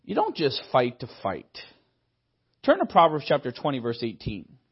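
A young man preaching a sermon, telling stories with lively acted-out dialogue and frequent laughter. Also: medium pitch, normal speed, breathy edge, lo-fi sound. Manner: lively storytelling, acts out dialogue, laughs often. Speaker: pastor. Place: church hall.

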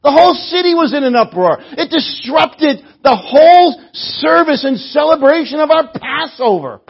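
A man voicing an incredulous male traveler, speaking sarcastically and loudly in a dull lo-fi recording. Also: very high voice, animated, moderate pace, gravelly, voice pushed up, exaggerated voice. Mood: sarcastic, incredulous. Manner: sarcastic, exasperated, loud.

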